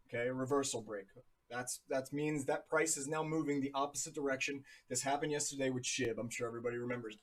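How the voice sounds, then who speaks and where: A man in his thirties from New Jersey, casually talking through charts on a live stream in a chatty, jokey way. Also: medium pitch. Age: 30s. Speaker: crypto livestream host.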